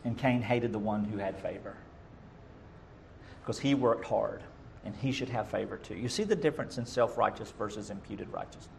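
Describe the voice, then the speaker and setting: A middle-aged man preaching a sermon as pastor, emphatic, swinging between loud bursts and quiet asides. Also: fairly low pitch, normal speed, creaky, slight background noise.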